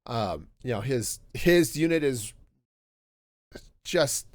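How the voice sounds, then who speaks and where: A man hosting a podcast, talking through a book review in a casual, animated way, often restarting his sentences. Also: mid-range voice, slow, pauses often, no room sound, studio quality. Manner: animated, self-interrupting with restarts and laughs. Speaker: podcast host.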